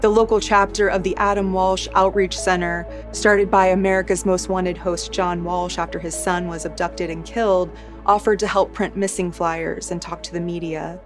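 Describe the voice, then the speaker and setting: Woman narrating true crime, low-voiced. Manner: steady, measured storytelling. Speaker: true crime channel host. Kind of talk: scripted narration. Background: soft background music.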